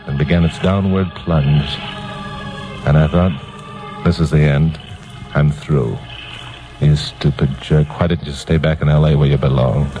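An actor playing a wisecracking young private eye, narrating hard-boiled in a 1950s radio drama with music underneath. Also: male voice, rumbling low, poor audio.

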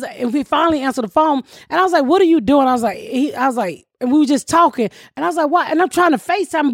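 A middle-aged woman with a high voice tells a story on her podcast in a dry, studio-quality recording. The casual storytelling chat is animated and profane, full of swearing and laughter.

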